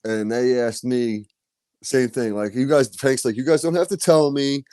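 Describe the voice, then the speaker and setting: A man's voice: mid-range voice, steady tone, moderate pace, warm tone, clear, resonant tone, no echo, studio quality. A man hosting a podcast, telling stories in loose, profane casual chat. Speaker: podcast host.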